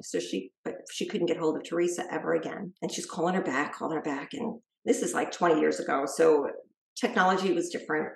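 A middle-aged woman, a guest author, telling a personal story in a lively way and acting out what others said. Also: fairly low pitch, vocal fry. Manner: lively storyteller who acts out quoted speech. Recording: echoey room.

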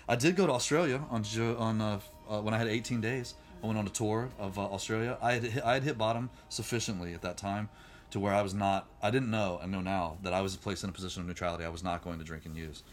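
Fast-talking middle-aged man telling his story. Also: fairly low pitch. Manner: rapid, animated, acts out quoted voices. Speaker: podcast guest, musician. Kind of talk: candid storytelling.

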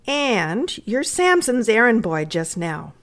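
A woman voicing a brisk, somewhat impatient housekeeper in a readers' theatre story reading. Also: a little high, big pitch swings, a bit bright, voice pushed up, heavily acted. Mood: bustling.

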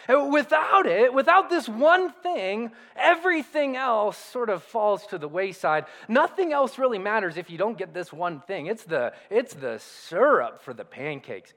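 A man preaching a sermon as pastor, animated and conversational, with emphatic repetition, in a church sanctuary. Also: very high voice, moderate pace, hardly any pauses, in a large hall.

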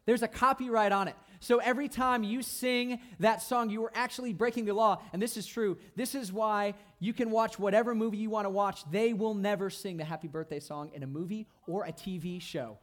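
A young man giving a lively, playful youth sermon, often checking in with the crowd. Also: sits high, brisk, hardly any pauses. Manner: animated, playful, asks the crowd "right?" often. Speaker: youth pastor.

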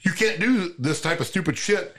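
A man's voice: high voice, lively intonation, moderate pace, fairly bright tone. A man, a farmer, talking in a rambling, profane way with many restarts in a casual podcast chat.

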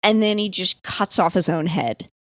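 Casting: young woman from the US East Coast, low-pitched, chatty storyteller, laughs and swears, dry close sound. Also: lively intonation, normal speed, no echo. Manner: chatty, lots of "like", swears, laughs mid-sentence. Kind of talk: casual storytelling among friends.

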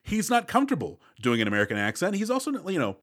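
A man's voice: a little high, huge pitch swings, fast talker, fairly bright tone. A man co-hosting a movie podcast in casual chat, opinionated, with exasperated asides. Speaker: podcast co-host.

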